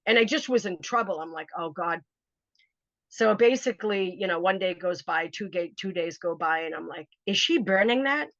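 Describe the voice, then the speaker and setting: A woman telling a personal story in a casual interview, animated and acting out what other people said. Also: fairly low pitch, moderate pace, dry recording. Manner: animated, acts out quoted voices. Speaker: author telling her story. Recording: dry, slightly dull recording.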